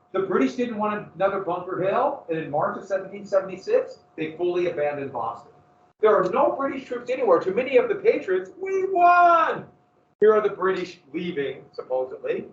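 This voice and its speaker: High-voiced male teacher in an echoey classroom. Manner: lively storytelling, questions the class. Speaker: history teacher. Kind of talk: classroom lecture. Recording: echoey classroom from far off, dull lo-fi.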